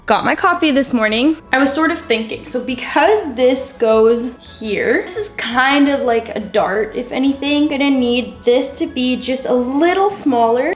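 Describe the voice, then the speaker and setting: A young woman vlogging at home as she crochets, chatty and excitable, talking to the camera on a stand. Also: high voice. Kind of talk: casual talk-to-camera vlog.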